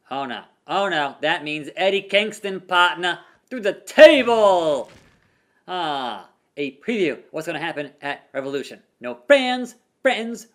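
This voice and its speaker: A young man playing through a wrestling video game, reading the in-game dialogue aloud and calling the action like a commentator with loud whoops. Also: fairly high pitch. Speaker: gaming YouTuber. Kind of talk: let's play commentary.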